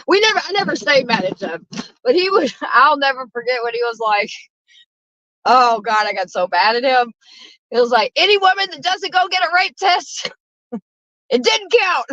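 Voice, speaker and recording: A woman hosting a casual livestream chat from a car, talking loudly with lots of profanity and frequent laughter. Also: sits high, no echo, lo-fi sound. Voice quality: loud, profane, laughing often. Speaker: livestream host.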